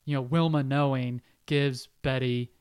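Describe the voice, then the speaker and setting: A man's voice: mid-range voice, fairly even intonation, measured pace, a little mellow, clean tone. A man co-hosting a movie podcast, talking in a rambling casual way full of restarts and "like". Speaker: podcast co-host. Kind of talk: casual chat about movies.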